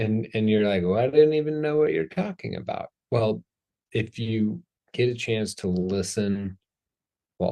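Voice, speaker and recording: A man's voice: low voice, warm tone. A man hosting a casual talk show, talking in a playful, chatty way and joking about himself. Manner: playful, chatty, self-deprecating. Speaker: host.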